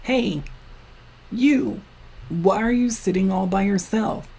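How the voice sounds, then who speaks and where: A man voicing an outgoing young boy in a high, coaxing voice. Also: takes it slowly, gravelly, darkish tone, slightly rough, full character voice. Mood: friendly.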